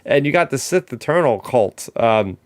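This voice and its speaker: A man's voice: medium pitch, normal speed, no room sound. A man hosting a podcast and chatting eagerly as a fan, with many fillers and restarts. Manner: excited fan talk, lots of "like" and restarts. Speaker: podcast host. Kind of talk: casual chat.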